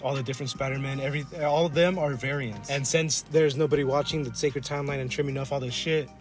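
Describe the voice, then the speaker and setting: A man co-hosting a casual podcast, rambling and swearing as he riffs and acts out characters in quick asides. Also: mid-range voice, steady tone, faint music behind. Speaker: podcast co-host. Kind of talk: casual chat. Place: collectibles shop.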